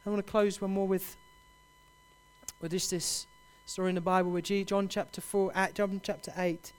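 A man preaching a sermon, building to loud, impassioned repeated cries. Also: high voice, level tone, moderate pace.

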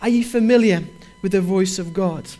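A man's voice: high voice, normal speed, dark tone. A man preaching a sermon, reading scripture aloud in a fervent, repetitive preaching cadence with rising emphasis.

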